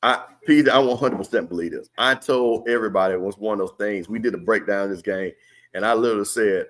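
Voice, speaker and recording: His voice is fairly low and a bit bright, and he talks fast. As host of a live game watch party, the man offers casual, slangy commentary and picks up comments from viewers.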